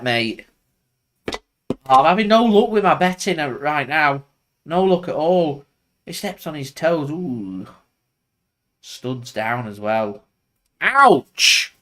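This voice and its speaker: A man's voice: medium pitch, takes it slowly, pauses often, a bit bright. A man hosting a live football watchalong stream from home, chatting loosely and reacting to the play as it happens. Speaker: football fan channel host. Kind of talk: live match watchalong commentary.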